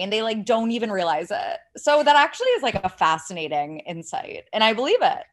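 A woman from Ohio, a podcast guest, chatting casually with heavy vocal fry and lots of "like" fillers, on a laptop mic. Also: a little high, big pitch swings, a little fast, few pauses. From Ohio, USA. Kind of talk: casual interview chat. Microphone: laptop mic without headphones.

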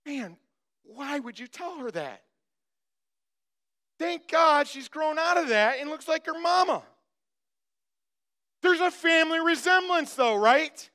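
A man's voice: extremely high pitch, lively intonation, takes it slowly, long pauses, pushed and bright. A man preaching a sermon as pastor, emphatic, repeating phrases and speaking straight to the congregation.

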